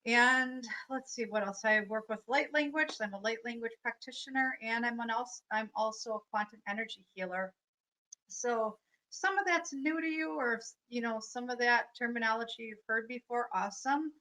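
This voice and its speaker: A woman's voice: a little high, moderate pace, bright, forceful tone, low-quality recording. A woman life coach giving a live, earnest spiritual talk, reflective and full of fillers. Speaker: life coach and energy healer.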